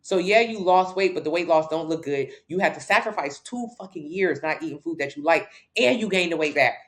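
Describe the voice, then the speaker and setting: A woman's voice: on the low side, lively intonation, brisk. Blunt, brash fitness coach woman. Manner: blunt, brash and jokey, with casual slang and swearing. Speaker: fitness coach answering live chat questions. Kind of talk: casual livestream Q&A.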